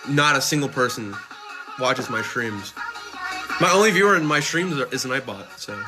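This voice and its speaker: A man's voice: mid-range voice, animated, moderate pace. A man livestreaming who reads viewer messages aloud and answers them in a sarcastic, jokey way, swearing often. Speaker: livestreamer reading chat. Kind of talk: casual livestream chat. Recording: music playing clearly behind.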